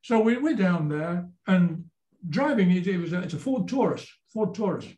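This guest is a folk singer-songwriter from Yorkshire, England, a man in his seventies spinning meandering stories in a relaxed interview and doubling back on words as he talks. He sounds high-pitched and very animated, with a dark tone and a moderate pace. There's an echo from the room.

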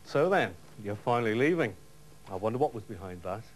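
A news presenter telling a comic story in a mischievous way and mimicking other people's voices. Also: male voice, lowish voice, expressive, a little fast.

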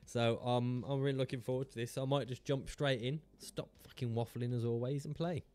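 A man's voice: medium pitch, steady tone, a little fast, darkish tone. A man chatting casually on a live stream, rambling, chatty and self-mocking, swearing freely into a desk mic.

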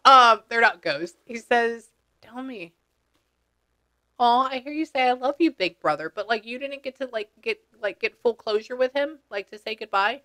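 A woman's voice: on the high side, moderate pace, few pauses, bright, forceful tone. A woman working as a psychic medium, talking casually with clients and relaying what she hears in a chatty way, with slang and the odd swear word. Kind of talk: casual session talk.

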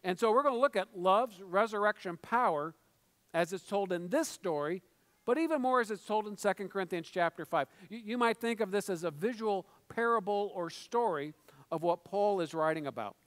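A man's voice: sits high, normal speed, a bit bright. A middle-aged man preaching a sermon as pastor, talking conversationally with joking asides and stumbled restarts. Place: church sanctuary. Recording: reverberant church hall.

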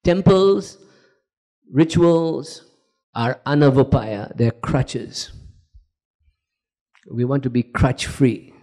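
A man, a spiritual teacher, giving a lively talk and taking questions, laughing and acting out inner voices as he explains. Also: mid-range voice, very slow, pauses often.

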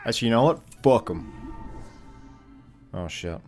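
A man giving casual let's-play commentary on a strategy game, excitable and swearing often, with frequent sudden exclamations. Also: mid-range voice, unhurried, soft background music. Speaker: gameplay commentator.

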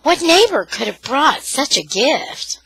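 A woman storyteller reading a novel chapter aloud in an expressive, dramatic way. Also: high-pitched, takes it slowly, creaky, rough recording. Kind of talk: scripted narration.

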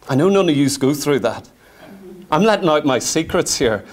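A man's voice: fairly high pitch, lively intonation, normal speed. A middle-aged man preaching a sermon, fervent, full of rhetorical questions and arguing aloud with himself.

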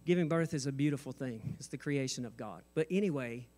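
A man's voice: mid-range voice, fairly quick, mellow. A man pastor preaching a sermon on stage, mixing humor and asides with mounting intensity. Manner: jokes and asides, rising intensity. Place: church stage.

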